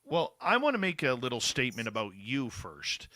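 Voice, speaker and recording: Bright, emphatic male radio host. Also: medium pitch, huge pitch swings, moderate pace, dry recording. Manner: effusive, emphatic praise. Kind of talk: casual interview talk.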